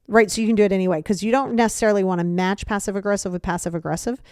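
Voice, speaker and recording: A woman hosting a podcast, giving casual advice and acting out example dialogues in quick quoted voices, repeating phrases for emphasis. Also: medium pitch, darkish tone, no echo, clean studio sound. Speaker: podcast host.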